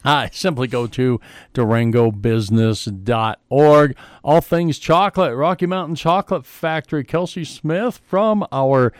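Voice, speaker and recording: A man's voice: mid-range voice, unhurried, no room sound, studio quality. A man hosting a casual local radio interview, chatty and joking, often breaking off and restarting his sentences. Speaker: radio host for a local business chamber.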